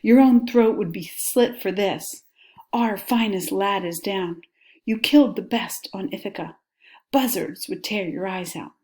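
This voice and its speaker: A woman reading the angry shouts of a group of rowdy young men. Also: mid-range voice, unhurried, natural voice. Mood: outraged.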